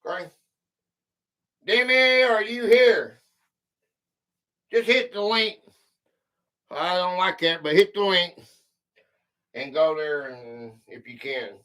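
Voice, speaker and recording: A man's voice: sits high, slow, long pauses, bright, forceful tone, far from the mic. A man with a Southern US country drawl hosting a live quiz stream, chatting loosely with viewers and reading questions aloud. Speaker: quiz livestream host. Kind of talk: casual livestream chat.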